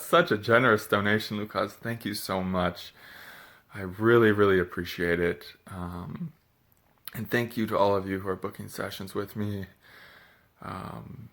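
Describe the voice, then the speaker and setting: Deep, sharp-toned sick man. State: feeling sick and drained. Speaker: spiritual vlogger. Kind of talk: confessional vlog monologue.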